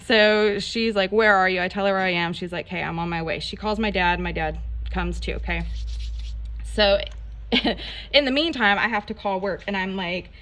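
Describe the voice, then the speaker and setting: A woman telling a rambling, animated story in a casual storytime vlog while she does her nails, full of "like" and mild swearing. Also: mid-range voice, normal speed. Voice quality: gravelly, creaky voice. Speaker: nail vlogger.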